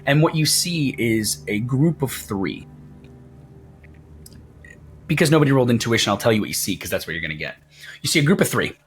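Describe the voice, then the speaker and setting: A man's voice: medium pitch, animated, fairly quick, pauses often, faint music behind. A man running a tabletop game, describing scenes in a casual, conversational way. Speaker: game master.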